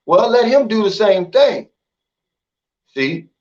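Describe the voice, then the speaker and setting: A blunt man holds forth on his livestream, folksy and opinionated, with a voice pitched a touch high. The stream audio sounds dull and lo-fi. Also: sing-song, slow, darkish tone. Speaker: livestream host. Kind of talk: casual livestream chat.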